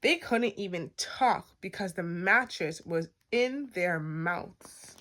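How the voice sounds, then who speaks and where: A woman reads a children's storybook aloud at an unhurried pace, her voice rising and falling in wide, animated swings. She plays up the sound effects with playful emphasis. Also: lowish voice. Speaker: storytime reader.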